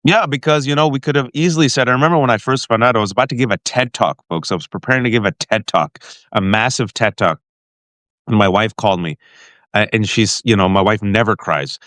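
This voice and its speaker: A man hosting a show and telling an emotional family story to his guest with animated energy, often restarting his sentences. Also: fairly low pitch, brisk, no room sound. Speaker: podcast host. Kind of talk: heartfelt personal storytelling to a guest.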